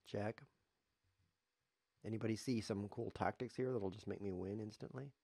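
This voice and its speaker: A man's voice: on the low side, fairly even intonation, moderate pace, creaky, mellow, breathy edge, no echo. A man commenting live on his own chess game as a streamer, sarcastic, self-mocking and grumbling.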